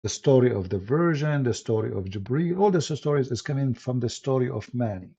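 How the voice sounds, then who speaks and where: An apologist from the Middle East with an Arabic accent hosts a live stream, delivering an emphatic, combative monologue and often breaking off to restart phrases. His gravelly, husky voice is medium-pitched, dark and mellow, expressive and fairly quick, and the stream audio is dull and lo-fi.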